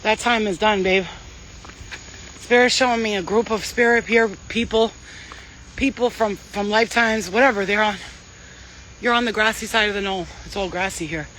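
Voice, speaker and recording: A woman's voice: medium pitch, normal speed, long pauses, fairly bright tone, a little hiss or hum, low-quality recording. A woman psychic medium giving a casual spiritual reading and telling stories in a blunt, chatty way, swearing freely.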